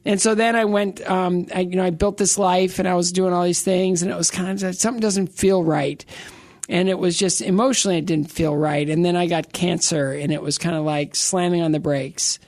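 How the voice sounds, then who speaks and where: A middle-aged man appears as an interview guest, sharing a personal testimony in casual conversation. His high-pitched, steady, darkish voice has a gravelly, creaky edge and moves fairly quickly, and he rambles, restarts sentences and tosses in joking asides. The recording is dry and close, with no echo.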